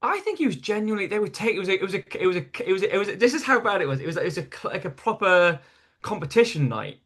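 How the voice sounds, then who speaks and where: A man's voice: high-pitched, very animated, rapid-fire, fairly bright tone. A man from North East England, a stand-up comedian, telling stories in a casual podcast chat with frequent restarts. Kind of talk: storytelling in casual interview.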